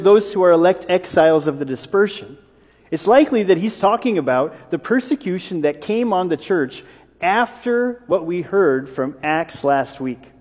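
A man preaching a sermon in a church, his voice carried on the long reverb of the hall. His pitch sits a little high for a man, and he talks in an easy, conversational way, slipping in jokes and asides. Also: darkish tone. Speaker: pastor.

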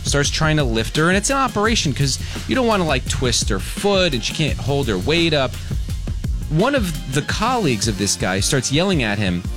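A man hosting a radio talk show tells an animated story in a fairly high voice. His pitch jumps widely as he acts out quotes, recorded dry and close in a studio with a faint music bed. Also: normal speed. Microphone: studio mic.

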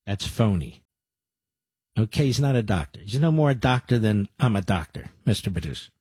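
A man's voice: lowish voice, expressive, normal speed, darkish tone, husky, no room sound. A man hosting a talk radio show, combative and sarcastic, with rambling asides to his producer.

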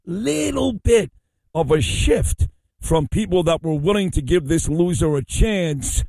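A talk radio host, a man with a mellow, dark voice and slightly high pitch, recorded dry. He speaks bluntly and emphatically, brushing off objections. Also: a little slow, dry recording. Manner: blunt, emphatic, plain-spoken. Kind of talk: opinionated talk radio interview.

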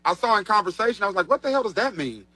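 A man's voice: high-pitched, sing-song, very fast, sharp tone, breathy edge, no room sound, low-quality recording. A man hosting a slang quiz segment on a talk show, handing out verdicts in a matter-of-fact way. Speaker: host running a quiz segment. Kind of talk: casual radio show banter.

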